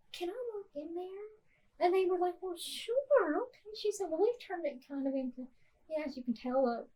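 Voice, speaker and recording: A woman, hosting a podcast and telling a personal story softly, with many fillers and restarts. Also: fairly high pitch, low-quality recording. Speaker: podcast host.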